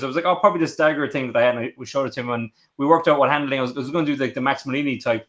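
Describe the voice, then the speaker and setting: A man co-hosting a podcast, chatting casually and quickly with a ready laugh. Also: mid-range voice, fairly bright tone. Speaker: podcast co-host. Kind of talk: casual chat. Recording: dull lo-fi sound.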